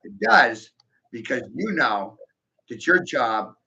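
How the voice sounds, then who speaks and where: Sharp gravelly man rambling, laughing. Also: mid-range voice, big pitch swings, slow pace. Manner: profane, giggly, keeps breaking into laughter; rhetorical, addresses the listener directly. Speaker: vlogger. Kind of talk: rambling stream-of-consciousness monologue. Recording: dull lo-fi recording.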